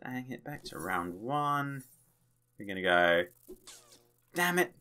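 A man giving excitable, playful let's play commentary as a gaming channel host, tossing in his own sound effects. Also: mid-range voice, takes it slowly.

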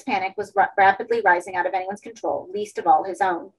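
A woman reading a horror story aloud as an audiobook, in steady narration. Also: mid-range voice, a little fast, breathy edge, low-quality recording. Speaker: audiobook reader.

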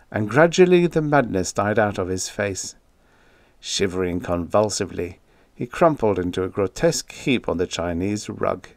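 A man giving a dramatic horror audiobook narration, measured and building dread. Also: lowish voice, creaky, no room sound.

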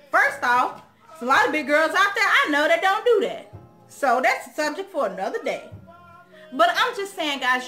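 A young woman hosting her own channel talks straight to viewers in a casual, outspoken chat, telling stories with lots of animation. Her voice is very high, bright and forceful.

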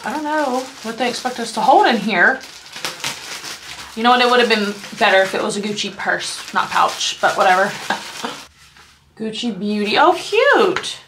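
A woman beauty vlogger chats casually in her apartment, gushing over products in a haul video and peppering her talk with "like" and "you guys." Her medium-pitched, slightly bright voice moves at a moderate pace with long pauses and a little hiss or hum.

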